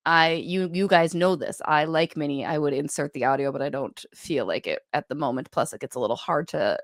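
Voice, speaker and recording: A woman co-hosts a hockey podcast in a loose, chatty way, full of quick asides. Her voice sits a little low, and the studio sound is close and dry. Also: fairly bright tone, dry recording. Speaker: podcast co-host and hockey writer. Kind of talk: casual podcast chat.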